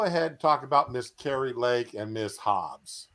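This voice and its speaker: A man hosts a casual stream at a middling pitch. He jokes and drawls and often trails off into fillers. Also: expressive, normal speed, fairly bright tone. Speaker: stream host. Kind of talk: casual chat. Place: home, at bed.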